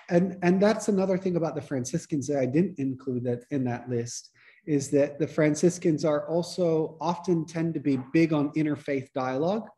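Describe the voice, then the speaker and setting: A man, a priest, giving a relaxed, conversational teaching talk to a church study group, restarting his sentences often. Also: a little high. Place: church meeting room.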